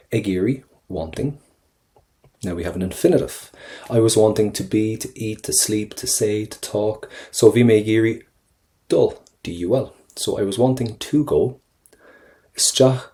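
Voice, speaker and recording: A man teaching an exam-prep lesson over a screen recording, chatty and encouraging, repeating phrases slowly for learners. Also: on the low side, dark tone. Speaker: Irish language tutor.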